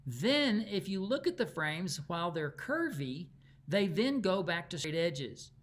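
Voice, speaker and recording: A man with a Texan accent teaching quilting in a live online class. His voice sits high for a man. He talks in a chatty, folksy storytelling way. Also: sing-song, measured pace.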